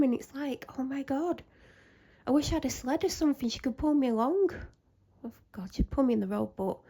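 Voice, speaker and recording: Gravelly-voiced anxious woman rambling. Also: a little high, warm tone. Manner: anxious, self-interrupting, rambling. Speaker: vlogger. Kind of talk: casual rambling chat.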